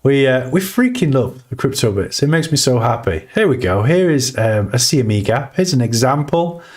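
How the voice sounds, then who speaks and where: A man hosting a casual crypto livestream, reading the chat and talking through charts with bursts of excitement. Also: medium pitch, normal speed. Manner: excitable, swings between chart talk and shout-outs to chat.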